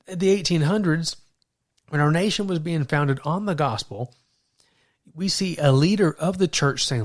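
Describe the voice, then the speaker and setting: A man's voice: a little high, moderate pace. A man co-hosting a Christian podcast, telling stories animatedly, stumbling and repeating words as he starts sentences. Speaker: podcast co-host. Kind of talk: faith podcast conversation.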